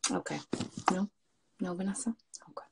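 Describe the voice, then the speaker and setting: A young woman hosting a casual live stream, flustered and excitable as she talks to her viewers. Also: fairly low pitch, normal speed, vocal fry, very noisy.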